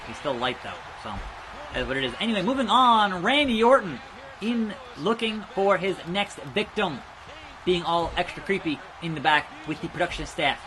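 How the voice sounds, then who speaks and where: A young man giving rambling let's play commentary, chatting about wrestling news and reacting loudly to the game as he plays. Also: fairly high pitch, animated, normal speed, crowd noise. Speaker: gaming YouTuber.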